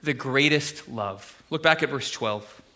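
A man's voice: mid-range voice, unhurried, pushed and bright. A young man preaching a sermon to his church in a casual, conversational way, full of fillers and asides. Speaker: pastor.

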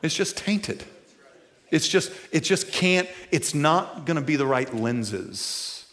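A man preaching a sermon to a live congregation, animated, with folksy asides, moving between loud and quiet. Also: on the high side, slow. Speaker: pastor. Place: church before a live congregation.

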